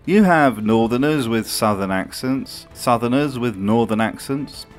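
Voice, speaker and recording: A man's voice: medium pitch, expressive, a little slow, soft background music. A man giving comedic commentary in a video essay, full of dry, sardonic asides.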